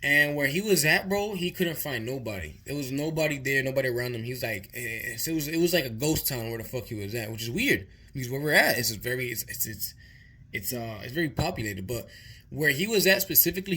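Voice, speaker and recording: Bright-voiced young man telling a story. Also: medium pitch, animated, fairly quick, husky. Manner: rambling, profane, repeats himself. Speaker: vlogger. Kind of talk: casual storytime monologue.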